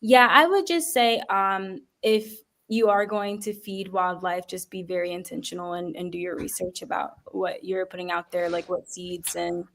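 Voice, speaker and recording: A woman's voice: lowish voice, steady tone, moderate pace, hardly any pauses, a bit bright. Earnest woman panelist, careful advice. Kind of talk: casual advice.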